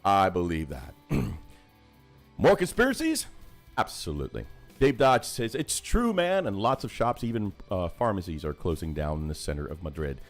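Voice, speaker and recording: This hobby livestream host talks at a moderate pace over a video call, rambling and chatty, his pitch rising and falling animatedly. Faint music sits behind his casual chat.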